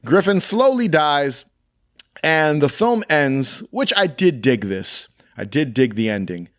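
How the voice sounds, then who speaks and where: A man's voice: medium pitch, expressive. Casual male podcast co-host. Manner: chatty, recapping with quick asides and mock quotes. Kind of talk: casual chat reviewing a film.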